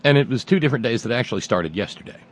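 A man's voice: mid-range voice, animated, rapid-fire, a little hiss or hum. Rambling, wry middle-aged male host. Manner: rambling, self-interrupting, wry asides. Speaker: radio host. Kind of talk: casual monologue.

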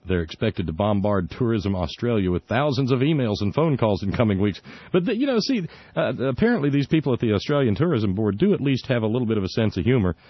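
Guy on talk radio ranting about politics, sarcastic and fired up, kinda low voice, muffled dry lo-fi sound. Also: sing-song, quick pace, breathy edge, no echo. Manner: indignant, sarcastic, stumbling restarts. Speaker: radio talk show host. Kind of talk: opinionated political commentary. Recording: dull lo-fi dry recording.

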